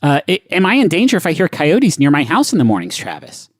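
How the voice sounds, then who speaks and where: Lively, higher-voiced man co-hosting comedy. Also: fast talker, husky, no echo, studio quality. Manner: animated, riffing, sudden swoops in pitch. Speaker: podcast co-host reading questions. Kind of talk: casual comedic banter.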